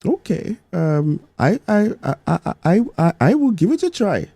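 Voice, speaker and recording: A man's voice: high-pitched, sing-song, a little slow, creaky, dark tone, dry recording, pitched above the performer's own voice, full character voice. A man voicing a worried Indian man at a job interview, speaking in a put-on Indian accent and stammering anxiously.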